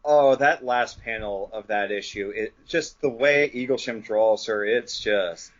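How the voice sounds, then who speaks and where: A man guesting on a casual comic book podcast, chatty and quick to add asides. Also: fairly low pitch. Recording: dull lo-fi audio.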